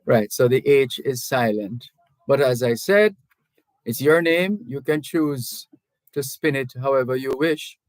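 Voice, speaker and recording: A middle-aged man with a Jamaican accent hosts a talk radio show from a studio microphone. He speaks very slowly and deliberately, with frequent restarts and hedging asides. The sound is dry and close. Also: mid-range voice, dry recording, rough recording. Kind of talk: call-in radio talk, reading listener messages.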